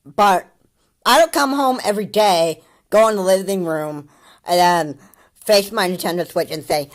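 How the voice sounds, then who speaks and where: A man's voice: high voice, expressive, normal speed. A man giving casual, mocking commentary on a video, rambling with many fillers and restarts and laughing often.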